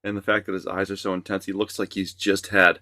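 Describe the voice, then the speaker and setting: A man's voice: sits low, level tone, a little fast, background noise. A man co-hosting a reaction show as a songwriter, chatting casually and agreeing with short replies. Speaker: songwriter and co-host.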